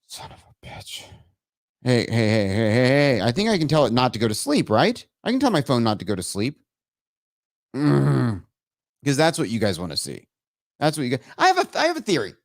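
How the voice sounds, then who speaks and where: A man's voice: mid-range voice, no echo, studio quality. A man hosting a live show, chatting casually and getting exasperated and laughing at his own tech troubles. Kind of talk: casual live-stream chat.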